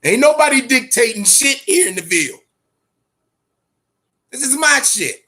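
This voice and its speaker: A man's voice: extremely high pitch, sing-song, a little slow, bright, forceful tone, husky. A man hosting a boxing show, talking casually and profanely, amped up and fidgety, repeating himself often. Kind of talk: casual livestream talk.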